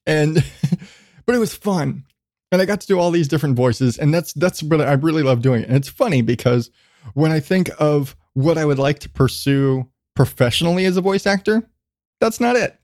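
A man's voice: on the high side, normal speed, a little mellow, no room sound. Male podcast host, casual rambling monologue, self-deprecating, dry recording. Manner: rambling with frequent restarts.

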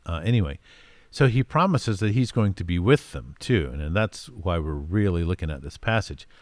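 Deep-voiced man teaching scripture. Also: animated, normal speed, no echo. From United States. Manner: conversational, frequent fillers, reads verses aloud with emphasis. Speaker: Bible teacher. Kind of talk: informal Bible teaching.

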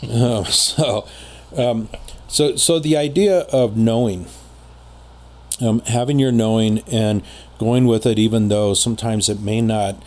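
A man telling a personal story in casual conversation as a podcast guest, rambling with many pauses and fillers. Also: on the low side, a little mellow, slight background noise.

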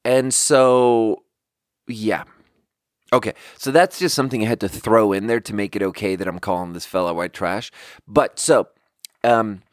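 A man's voice: medium pitch, no echo, studio quality. A young man from Sweden telling a rambling, exasperated story in casual podcast chat and swearing freely. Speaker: podcast host.

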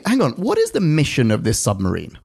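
Animated, giggly man co-hosting a podcast. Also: a little high, fairly quick, vocal fry, husky. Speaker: podcast co-host. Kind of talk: casual chat.

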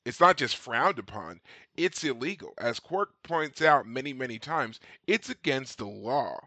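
A man co-hosting a podcast, recapping scenes in casual chat and slipping in quick quoted lines. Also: mid-range voice, expressive, pushed and bright, no echo. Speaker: podcast co-host.

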